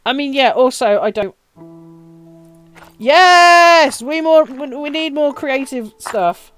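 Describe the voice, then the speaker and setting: Over soft background music, a woman with a high, expressive, darkish-toned voice speaks at a normal speed while streaming a game live. Her chat with viewers is casual, with plenty of swearing and frequent laughter.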